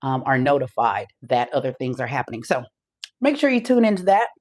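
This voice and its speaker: A woman's voice: extremely low pitch, big pitch swings, a little fast, a little mellow. Breathless chatty woman podcast host. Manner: loose, chatty, swears and laughs easily. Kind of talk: casual live-stream chat.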